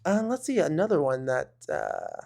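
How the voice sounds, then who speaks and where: Male podcast co-host, slightly high pitch, rambling chat with bursts of mock rant. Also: very animated, measured pace, vocal fry, darkish tone. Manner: rambling with fillers and restarts, bursts of mock outrage. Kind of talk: casual chat.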